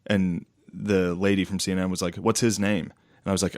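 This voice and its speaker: A man's voice: deep voice, level tone, a little fast, a little mellow, dry recording, studio quality. A man in his thirties from Pennsylvania co-hosting a casual podcast chat, laughing often and acting out quotes. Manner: laughs often, swears freely, acts out quotes. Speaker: podcast co-host.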